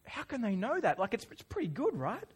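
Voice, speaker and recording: High-voiced Australian preacher, conversational. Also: male voice, brisk, slightly rough. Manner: conversational, lively storyteller. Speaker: pastor. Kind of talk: sermon with storytelling.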